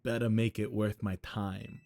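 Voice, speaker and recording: A man voicing a menacing male crime syndicate boss in a low, hushed mobster drawl while reading game dialogue. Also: little pitch movement, measured pace, dry recording.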